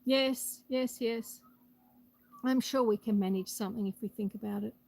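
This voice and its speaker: A homestead livestream host chats casually outdoors on her rural property through a handheld phone, slightly winded and reading out viewer comments. Her high voice is gravelly and a little mellow at normal speed, and the audio is poor.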